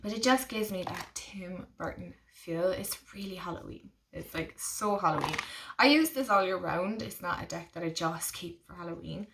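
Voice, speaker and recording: A woman chatting casually on her vlog, gushing and excitable, full of fillers and restarts. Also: fairly low pitch, normal speed, distant mic, background noise. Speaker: tarot vlogger. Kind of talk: casual chat.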